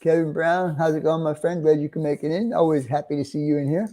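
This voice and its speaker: Middle-aged New York man, casual livestream host, slightly high mellow voice, friendly and chatty. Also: steady tone, fast. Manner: chatty, greeting viewers one by one, chuckling.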